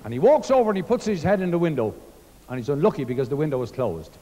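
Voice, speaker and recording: A man's voice: on the high side, quick pace. Irish man telling jokes in a reverberant hall. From Ireland. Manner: lively storyteller acting out dialogue. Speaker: comedian. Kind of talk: stand-up joke telling on stage.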